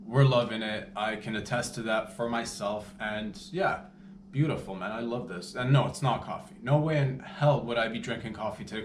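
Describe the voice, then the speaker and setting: A man's voice: mid-range voice, natural voice. A man playing a laid-back modern vampire in a rambling, slangy comedy monologue, recorded in an echoey room with faint background hum. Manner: slangy, rambling, calls everyone baby.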